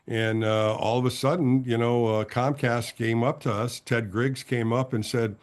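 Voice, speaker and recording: A man's voice: mid-range voice, moderate pace. A man in his sixties, a former ballplayer turned broadcaster, telling stories as a guest in a casual interview and acting out the voices of the people he quotes. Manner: animated storyteller who acts out quoted voices.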